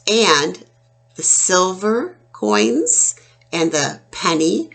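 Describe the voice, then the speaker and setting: A woman teaches a phonics lesson for children. She speaks slowly in a fairly low voice with a gravelly edge, stretching out each word as she sounds it out clearly. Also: big pitch swings, fairly bright tone. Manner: slow, clear, drawn-out sounding out of words.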